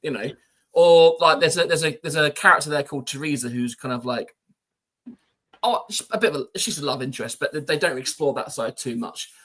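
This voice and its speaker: Male podcast co-host, bright tone, casual and meandering. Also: fairly high pitch, fairly quick. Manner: rambling, peppered with "you know".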